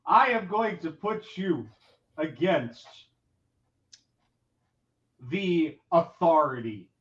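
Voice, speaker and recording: A man's voice: a little high, big pitch swings, very slow, a bit bright, roomy sound, highs cut off, exaggerated voice. A man voicing a swaggering male wrestling general manager who talks trash and repeats himself. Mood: boastful.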